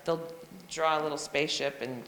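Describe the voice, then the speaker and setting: A woman's voice: low-pitched, fairly even intonation, a bit bright. Woman teacher explaining phonics, reverberant hall. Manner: explanatory, spells out letters and sounds slowly. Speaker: reading intervention teacher. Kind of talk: professional development presentation. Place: school room or hall.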